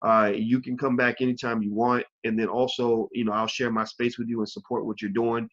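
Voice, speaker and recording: A man hosting an online interview show, talking in a halting way with many fillers and restarts. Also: mid-range voice, flat delivery, a bit bright, lo-fi sound. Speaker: host.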